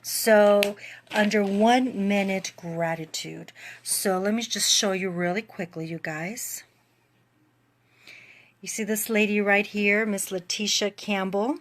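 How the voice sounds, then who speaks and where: A woman's voice: mid-range voice, fairly even intonation, slow, a little hiss or hum. A woman who runs a fitness program, giving a gratitude testimonial on a live stream, crying and laughing through tears.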